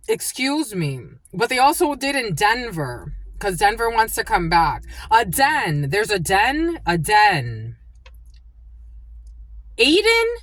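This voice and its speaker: Woman psychic reader, slow and halting, lively pitch, dry close sound. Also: no echo. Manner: halting, repeats words as they come to her. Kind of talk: channeled collective reading.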